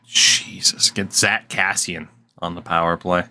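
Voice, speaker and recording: A man's voice: sits low, flat delivery, measured pace, pushed and bright, slight background noise. A man giving casual, sarcastic gameplay commentary at his desk mic. He swears freely and mutters to himself as he plays. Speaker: gaming channel host.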